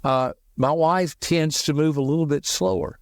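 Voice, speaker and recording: A middle-aged man hosting a motivational podcast, talking quickly and emphatically in a folksy way, with personal stories. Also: fairly high pitch, steady tone, smooth, no echo. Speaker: podcast host and personality teacher.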